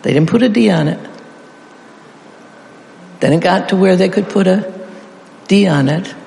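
A preacher delivering a slow, deliberate sermon with a gravelly edge, drawing the congregation in with call-and-response. The voice carries long reverb from a big church hall. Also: medium pitch, a little mellow. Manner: dramatic pauses and emphasis.

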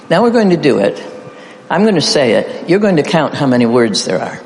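This middle-aged preacher's voice runs high, sing-song, and darkish, and he moves fairly quickly. He playfully draws his listeners into call-and-response repetitions in an echoey hall with faint ambience and slight background noise.

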